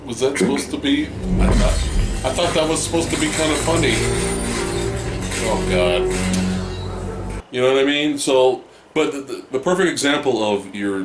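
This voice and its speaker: A man hosting a podcast, chatting casually about a film, swearing, laughing and acting out scenes. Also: mid-range voice. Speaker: podcast host. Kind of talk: casual film review chat. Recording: echoey room, faint noise.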